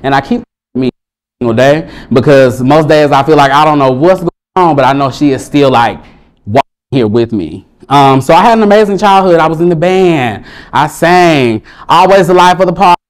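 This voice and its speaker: A young man from Alabama with a Southern accent, giving a personal storytelling speech in an animated, playful way. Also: moderate pace. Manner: animated and playful, swings into high excited bursts. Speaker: motivational speaker.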